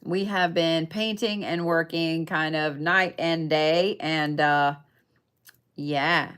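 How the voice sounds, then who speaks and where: A woman's voice: low-pitched, fairly even intonation, slow, fairly bright tone, smooth. A young adult woman giving a casual, chatty tarot reading, emphatic and checking in with her listeners often. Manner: chatty, emphatic, frequent "okay?" check-ins, swears casually. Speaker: tarot and zodiac reader.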